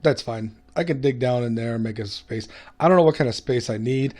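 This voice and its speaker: A man's voice: mid-range voice, brisk, darkish tone. A man hosting a gaming video, giving casual gameplay commentary in a chatty, self-mocking way. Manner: chatty, self-mocking, hums and laughs to himself.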